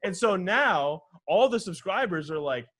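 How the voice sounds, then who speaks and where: Excitable ranting man, lively voice. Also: high-pitched, measured pace, a loud crowd. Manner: excitable, ranting, swears freely. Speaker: podcast co-host. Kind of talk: casual chat.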